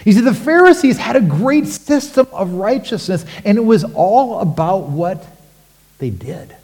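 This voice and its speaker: A man preaching a sermon as pastor, animated and rhetorical, with sudden emphatic rises. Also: sits high, measured pace, big-room sound.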